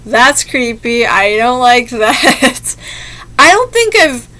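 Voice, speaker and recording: A woman's voice: a little high, big pitch swings, slow pace, bright, forceful tone. Chatty young woman reacting to spooky stories. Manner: chatty, easily spooked, rambling asides. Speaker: channel host reading scary stories. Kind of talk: casual reaction commentary.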